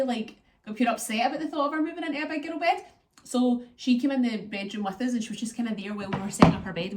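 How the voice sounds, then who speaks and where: Chatty young Scottish woman vlogging. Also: mid-range voice. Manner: chatty, rambling storytelling with local slang. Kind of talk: casual chat to camera.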